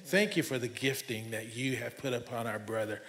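A man's voice: mid-range voice, steady tone, normal speed, fairly bright tone. Man in fervent church prayer. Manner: fervent, earnest praying. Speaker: pastor leading prayer. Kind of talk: commissioning prayer. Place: church sanctuary.

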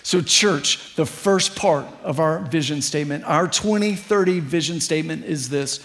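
A man's voice: on the high side, normal speed, few pauses, a bit bright. A middle-aged man preaching a sermon as pastor, earnest and building to fervent appeals.

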